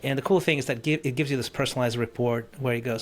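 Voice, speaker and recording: A man's voice: mid-range voice, fairly even intonation, fast. A man speaking as a podcast guest and coach, talking eagerly in casual chat with lots of "like" fillers.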